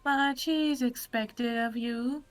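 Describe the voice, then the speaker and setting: A woman voicing a gloomy, self-pitying female troll who posts sinister content, reading her lines slowly in a flat robot-like voice. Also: on the high side, faint music behind, rough recording. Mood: brooding. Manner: slow flat robotic delivery. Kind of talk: reading game dialogue aloud.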